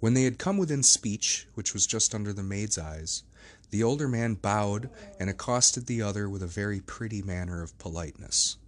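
A man narrating a classic novel as an audiobook. His voice is low and a little husky. He tells the story at a measured pace. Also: expressive. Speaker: audiobook reader. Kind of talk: scripted narration.

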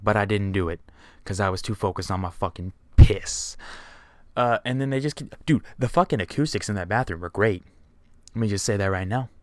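A man's voice: fairly low pitch, animated, brisk, dry recording. A young man casually telling a rambling, profanity-filled story.

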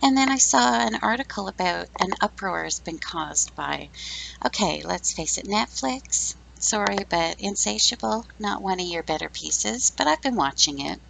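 A woman in her fifties talks through her opinions in a blunt, sarcastic, chatty way. Her voice is full of gravelly fry. A faint hiss sits under the recording. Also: mid-range voice, animated, normal speed. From Canada. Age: 50s. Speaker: podcast host. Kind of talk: casual opinion monologue.

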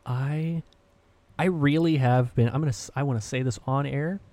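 A man hosting a casual home podcast, relaxed and halting, often restarting his sentences. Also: medium pitch, no room sound. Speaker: podcast host. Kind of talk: casual chat.

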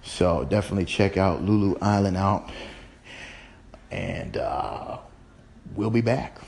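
A man's voice: low-pitched, slow, vocal fry. Rambling playful podcast host, man. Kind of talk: casual chat.

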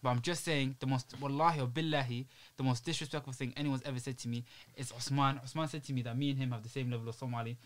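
A man's voice: medium pitch, steady tone. A young man in a casual chat with friends, teasing and emphatic, often cutting in. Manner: teasing, emphatic and quick to interject. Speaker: podcast co-host.

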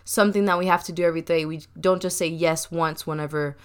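A woman's voice: low-pitched, fairly even intonation, fast. A young woman hosting a casual chat, talkative and laughing often, with a habit of saying y'all. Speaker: podcast host.

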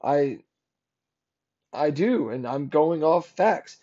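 A man hosting a solo sports podcast, ranting sarcastically and growing loud and heated. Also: fairly high pitch, animated, slow, dull audio. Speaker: podcast host.

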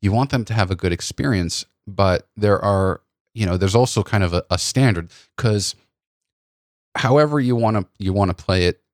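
A man hosting a podcast about photography workshops, telling stories in an animated way with many restarts. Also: on the low side, normal speed, dry recording, studio quality. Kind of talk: casual conversational storytelling.

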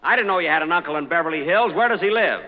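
A man's voice: a little high, rapid-fire. A man hosting a 1940s radio comedy, with hesitant stammers and dry comic timing. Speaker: comedy show host. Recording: hissy lo-fi old radio recording.

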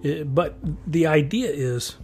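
A man's voice: a little high, animated, takes it slowly, darkish tone, soft background music. A man talking in a rambling, conversational monologue as a podcast host, chuckling often as he goes. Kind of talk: casual monologue.

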